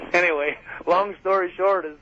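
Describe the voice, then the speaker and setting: A man recounts old tales at a loose, rambling pace, stumbling over fillers and breaking into laughter. His voice sits a touch high. It comes through a muffled radio broadcast with a faint hiss behind. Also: fairly even intonation, slow pace, bright, forceful tone. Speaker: wrestler guest. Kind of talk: casual storytelling interview.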